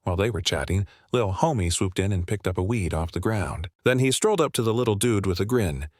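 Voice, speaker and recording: Male narrator, low voice, dry close sound, casual slangy recap. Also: lively intonation, brisk, no echo.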